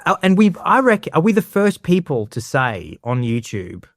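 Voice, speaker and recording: A man's voice: on the high side, wildly swooping pitch, normal speed, no room sound, studio quality. A man co-hosting a podcast, chatting casually and animatedly, often acting out other people in silly voices. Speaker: podcast co-host. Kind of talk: casual comedic chat.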